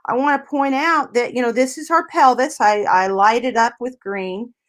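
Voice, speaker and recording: A woman's voice: a little high, normal speed, a bit bright. A woman physical therapist explaining anatomy step by step on a talk radio show, often checking in with "right?" and "you know".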